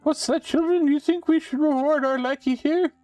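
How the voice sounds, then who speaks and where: A man's voice: very high-pitched, fairly even intonation, normal speed, darkish tone, no echo, far from the mic, faint music behind, pitched above the performer's own voice. A man voicing an old female swamp witch who is cruel and mocking. She chants rhyming spells in a sing-song way and taunts the listener. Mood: gloating.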